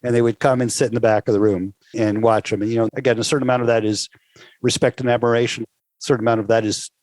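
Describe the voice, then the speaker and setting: A man of ordinary pitch looks back on a fellow comic, speaking in a measured way that often stops and restarts. The sound is dry and close, with no room around it. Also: little pitch movement, a little mellow, no room sound. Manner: thoughtful, measured, many restarts. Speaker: interviewee, fellow comedy peer. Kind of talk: reflective oral-history recollection.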